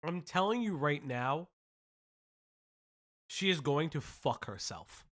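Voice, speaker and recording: A man's voice: a little high, animated, slow pace, a bit bright. A man hosting a casual online commentary show, blunt and sarcastic, swearing freely as he reacts.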